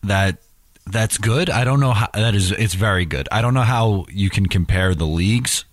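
Deep-voiced man, dry sound. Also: normal speed, no room sound. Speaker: podcast co-host. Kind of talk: casual sports chat.

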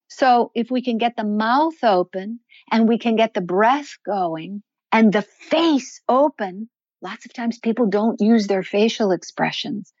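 A woman's voice: medium pitch, no echo, lo-fi sound. An older woman, a voice coach, talks in a podcast interview and shifts her voice up and down to show what she means. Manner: expressive, demonstrates voices while explaining.

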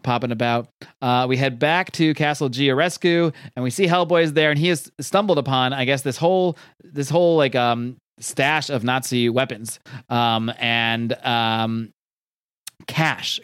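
A man's voice: medium pitch, a bit bright, clear, resonant tone, dry recording. A man chats casually as a podcast host, retelling a comic's plot in a loose, rambling way full of ums and likes. His voice sits in a middle range and sounds dry and close to the mic. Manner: rambling retelling with many fillers and quoted lines. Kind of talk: casual chat, recapping a comic.

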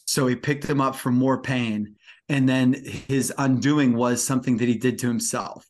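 A man co-hosting a wrestling podcast, talking in an excited, rambling way with many fillers. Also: mid-range voice, normal speed. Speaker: podcast co-host. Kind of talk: casual wrestling review chat.

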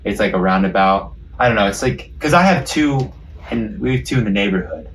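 A man's voice: fairly low pitch, animated, fairly quick, a little hiss or hum, low-quality recording. A young man in casual chat, curious and full of questions. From United States. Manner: curious, asks lots of questions.

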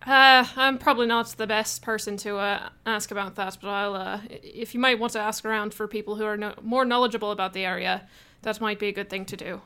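A woman's voice: mid-range voice, fairly even intonation, brisk, bright, forceful tone, clear, resonant tone. A woman playing a tabletop game, talking hesitantly with many fillers. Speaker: player.

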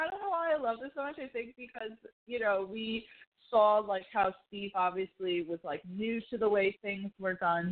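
A woman co-hosting a podcast in casual chat, telling stories in a rambling way full of fillers. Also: lowish voice. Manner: rambling, filler-heavy storytelling. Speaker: podcast co-host. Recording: tinny phone-like line.

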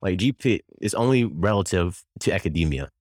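A young man hosting a podcast, speaking in a relaxed, easygoing way and saying "like" often. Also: deep voice, fairly quick, dry recording, clean studio sound. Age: young adult. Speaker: podcast host. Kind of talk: casual chat.

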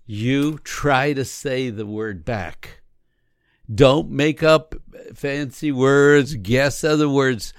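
A man with a gravelly, creaky voice teaches how to connect through emotions. He talks earnestly, explaining step by step and acting out sample lines. The sound is dry and close. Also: medium pitch, dry recording. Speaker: relationship coach. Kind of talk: teaching conversation.

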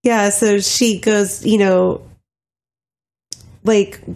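A woman's voice: medium pitch, steady tone, drawn-out words, darkish tone. Woman on a tv recap podcast, giggly, keeps quoting the show. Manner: giggly, retells scenes quoting lines. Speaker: podcast co-host. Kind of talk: casual TV recap chat.

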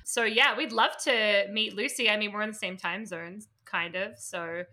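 A woman's voice: medium pitch, steady tone, normal speed, pushed and bright. A woman with an Australian accent hosting a podcast, chatting casually and rambling with lots of fillers. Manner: rambling, many fillers, upbeat. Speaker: podcast host. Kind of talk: casual interview chat.

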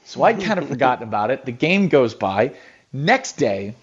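A radio host telling a casual anecdote, an animated storyteller with frequent restarts, heard on a radio clip. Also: male voice, mid-range voice, fast talker, breathy edge, highs cut off.

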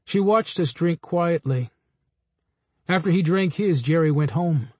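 A man reading a memoir aloud in a steady, measured storytelling voice. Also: fairly high pitch, no echo. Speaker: narrator. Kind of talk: audiobook memoir narration.

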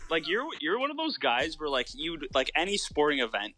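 A man's voice: a little high, sing-song, a little fast, sharp tone. A man co-hosting a podcast in casual chat, teasing his partner, laughing easily and swearing casually. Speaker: podcast co-host.

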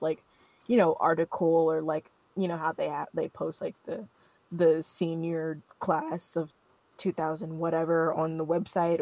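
A young adult woman hosting a podcast, telling a story in an animated, rambling way full of fillers. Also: on the low side, no room sound. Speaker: podcast host. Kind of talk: casual storytelling chat.

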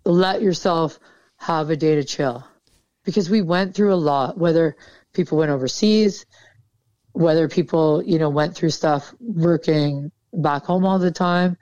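A woman's voice: low voice, a little slow, a little mellow, no room sound. Frank, plain-spoken woman veteran. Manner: frank, casual, swears freely. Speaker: military veteran guest. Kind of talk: candid interview conversation. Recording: dull, dry sound.

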